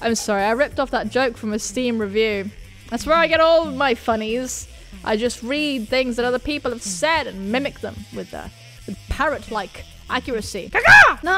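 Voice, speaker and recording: A woman doing excitable, self-mocking let's-play commentary, swearing and yelping as she plays. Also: a little high. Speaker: gaming YouTuber.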